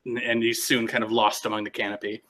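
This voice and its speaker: A man's voice: on the low side, little pitch movement, quick pace, fairly bright tone. A man narrating as game master of a tabletop game, rambling and restarting often.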